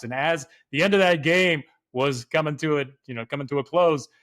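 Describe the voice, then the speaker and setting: A man's voice: mid-range voice, fairly bright tone. A man hosting a podcast, responding to his guest's story and sharing his own memory in a casual chat. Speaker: podcast host.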